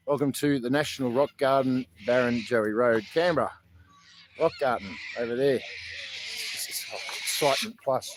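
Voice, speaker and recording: A man's voice: medium pitch, sing-song, normal speed, a little hiss or hum. An Australian man hosting a casual outdoor livestream, talking in an earnest, rambling way with many fillers and restarts. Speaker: protest livestream host. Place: outdoors in a public garden.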